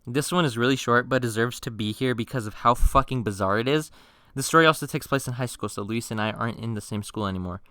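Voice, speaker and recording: A young man telling funny stories on his channel in a slangy, swearing casual style, with bursts of mock-outraged yelling. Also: mid-range voice, quick pace, dry recording, studio quality. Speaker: storytime youtuber. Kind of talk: casual storytime narration.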